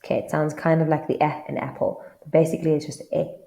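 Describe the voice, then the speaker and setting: A woman's voice: low-pitched, level tone, quick pace, vocal fry, warm tone, reverberant. A South African woman with a South African English accent, teaching a casual online language lesson and often checking in with the viewer.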